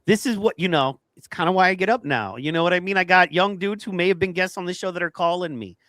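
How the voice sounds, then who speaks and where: Male podcast co-host, earnest and heartfelt, bright edgy tone, dry close sound. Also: high voice, fast talker, no echo. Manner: earnest, heartfelt, repeats himself. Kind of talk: casual chat.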